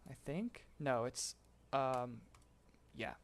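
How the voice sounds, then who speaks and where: A man explaining vocal tuning in a relaxed live-stream tutorial, chatting and laughing with his chat between explanations. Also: medium pitch, drawn-out words, very noisy. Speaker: streamer teaching voicebank tuning.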